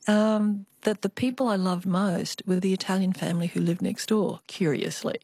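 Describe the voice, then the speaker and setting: A woman's voice: mid-range voice, moderate pace, few pauses, a little mellow, no echo, clean studio sound. An older woman, an artist, telling family stories as a guest in a radio interview. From Australia. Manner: reflective storytelling, with small restarts.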